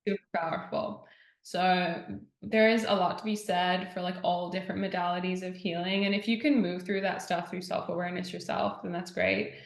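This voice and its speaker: A woman guest chatting casually on a podcast. Her voice sits a little low, and she strings her story together with many "like"s as she retells other people's words. The room around her is echoey. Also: steady tone, normal speed, gravelly. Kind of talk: casual interview chat.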